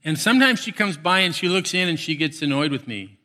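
A middle-aged man preaching with a bright, ringing voice pitched a little high. He swings from quiet, slow lines to quick, excited bursts as he tells playful stories to his listeners. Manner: animated storytelling with playful asides. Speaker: pastor. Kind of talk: sermon.

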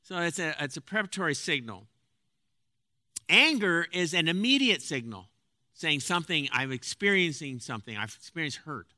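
A man lectures in a very bright, somewhat high voice, earnest and a little halting as he restarts his phrases. The sound is dry and close, with no room around it. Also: sing-song, dry recording. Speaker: counselor lecturing on anxiety. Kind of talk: spoken lecture with anecdotes.

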